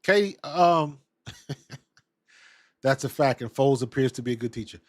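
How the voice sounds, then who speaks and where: Man, sports talk host, casual live-stream chat, laid-back, mid-pitched voice, dry close sound. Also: lively intonation, normal speed, no room sound. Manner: laid-back, conversational, reads and answers chat.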